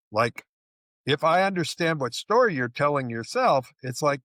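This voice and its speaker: A man's voice: fairly high pitch, very animated, normal speed, a bit bright, no echo. A man working as a relationship coach, explaining ideas earnestly in a podcast interview and acting out the little dialogues he describes.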